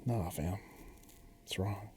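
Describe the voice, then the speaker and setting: A man's voice: lowish voice, slow, mellow, husky. A man co-hosting a podcast in casual chat, rambling with frequent laughs and restarts. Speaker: podcast co-host.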